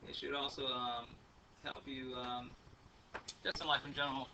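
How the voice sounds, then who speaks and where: A man's voice: mid-range voice, level tone, moderate pace. A man teaching a math class, lecturing in a chatty, rambling way with many ums and uhs. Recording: faint room noise, speaker a bit far from the mic.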